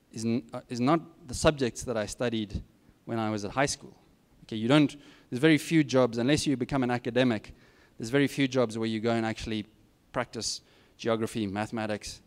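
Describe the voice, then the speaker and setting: A middle-aged man with a darkish, mid-range voice speaks as a guest to students. His informal talk is full of candid, no-nonsense career advice and self-deprecating comments.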